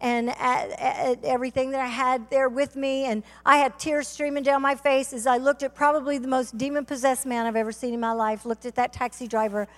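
A high-pitched woman with a Southern US accent, preaching her testimony to a church. She tells her story with fervour and swells into cries of praise. Her voice rings through a reverberant sanctuary with a long tail. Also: level tone, a little fast, few pauses. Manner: fervent storytelling preacher, rising to shouts. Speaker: guest speaker. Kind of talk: testimony sermon. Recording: reverberant hall.

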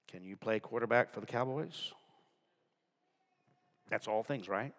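A man preaching a sermon to a congregation, dropping to hushed whispers and rising to loud, emphatic passages. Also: mid-range voice, measured pace, pauses often. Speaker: pastor. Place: large church with balcony. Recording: long hall reverb.

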